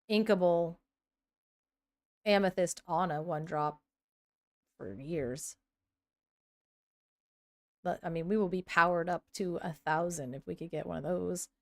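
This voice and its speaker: A woman in her thirties chatting casually on a live stream, reacting aloud as she scrolls and now and then breaking into excited squeals. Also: lowish voice.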